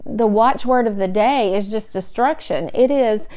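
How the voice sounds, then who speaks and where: Brief: woman teacher, somewhat high and smooth, steady earnest Bible-study delivery. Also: unhurried. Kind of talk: podcast Bible lesson.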